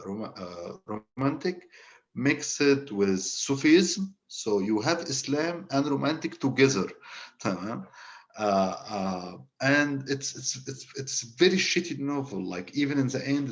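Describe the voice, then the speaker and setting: A man's voice: mid-range voice, lo-fi sound. A man from Egypt with an Egyptian Arabic accent, speaking English as a panel guest. He tells a story casually, often restarting and repeating words.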